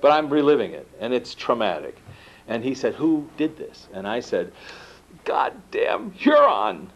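Male speaker, mid-pitched, very expressive delivery, acts out dialogue in a story told to a crowd, muffled lo-fi recording. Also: moderate pace. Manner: animated, acts out quoted dialogue, laughs at himself. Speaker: speaker giving a talk. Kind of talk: storytelling talk to an audience. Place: lecture room. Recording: dull lo-fi talk recording.

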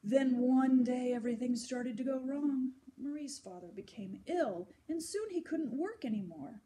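A woman reading a children's story aloud, gentle and expressive. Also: high-pitched, measured pace, crowd noise.

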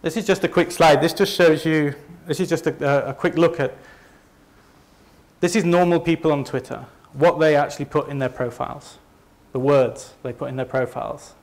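A man's voice: a little high, fairly even intonation, moderate pace. A man from Leeds with a Northern English accent, giving a conversational, self-deprecating presentation to a live audience. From north of England. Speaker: company presenter.

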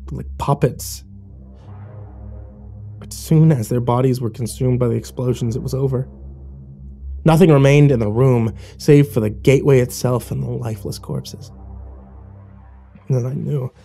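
A man's voice: mid-range voice, mellow. A man narrating a horror story in the first person, with dramatic scripted delivery.

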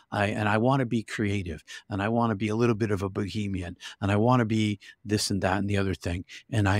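A man's voice: lowish voice, no echo, studio quality. A man telling a personal story vividly and intensely as an interview guest, with frequent restarts.

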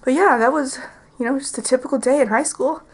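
A woman's voice: high voice, fairly quick, a little hiss or hum, poor audio. A teenage girl talking casually in a vlog from her bedroom, rambling and filling her talk with "like". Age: teens. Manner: chatty, rambling, heavy use of "like". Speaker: vlogger.

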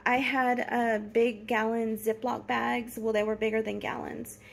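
A woman's voice: on the high side, little pitch movement, a little slow, vocal fry. A woman, talking in a casual, heartfelt and emotional way as she films her own vlog, tired after a long day of work. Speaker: vlogger.

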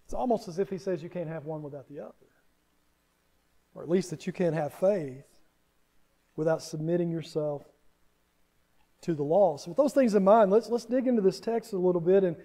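A man's voice: high-pitched, brisk, long pauses, mellow. A man with a Southern American accent preaching a sermon, earnest and often repeating words as he starts a thought.

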